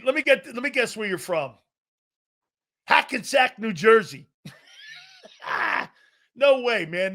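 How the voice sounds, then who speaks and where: A man's voice: high-pitched, gravelly, fairly bright tone. A man hosting a sports talk stream, ranting casually in a brash, profane, teasing way.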